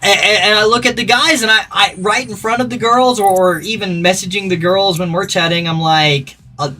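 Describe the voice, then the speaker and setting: Man in his thirties, high bright voice, rambling and foul-mouthed, a bit away from the mic with faint music behind. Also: fairly even intonation, normal speed, distant mic. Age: 30s. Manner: rambling, profane, blunt. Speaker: gaming streamer. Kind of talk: casual off-the-cuff chat.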